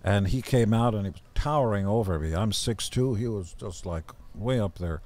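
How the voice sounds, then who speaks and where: A man in his seventies, a podcast guest, telling stories in a gruff, deadpan way and acting out other people's voices. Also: lowish voice, normal speed, slight background noise. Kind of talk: casual storytelling.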